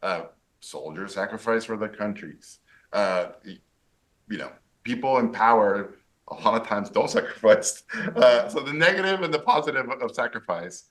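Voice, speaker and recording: A man from Mexico, a guest on a podcast interview, telling stories in an animated way and acting out the voices he quotes. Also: on the low side, moderate pace. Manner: animated storyteller who acts out quoted voices.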